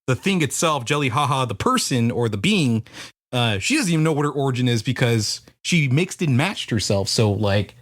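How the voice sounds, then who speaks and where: A man's voice: mid-range voice, big pitch swings, normal speed, fairly bright tone. A man co-hosting a podcast, musing loosely and profanely about a song's meaning in casual chat. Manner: loose, profane, thinking aloud. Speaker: podcast co-host. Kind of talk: casual music review chat.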